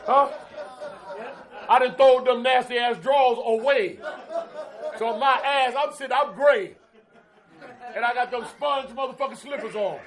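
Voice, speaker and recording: High-voiced man giving raw, profane recovery testimony. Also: measured pace, long pauses, a bit bright. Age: middle-aged. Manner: profane, storytelling, calls out to the crowd with "Huh?". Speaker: guest speaker at a recovery conference.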